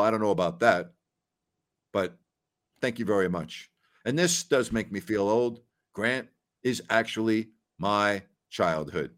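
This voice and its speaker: A man in his sixties hosts a casual sports talk show. His voice sits on the low side, and he chats in a folksy, rambling way full of exclamations. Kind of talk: casual chat.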